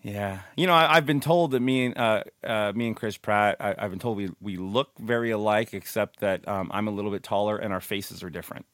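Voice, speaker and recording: A man hosting a podcast, upbeat and joking, firing off quick questions. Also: on the low side, fairly bright tone, no echo, studio quality. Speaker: podcast host. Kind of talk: casual interview chat.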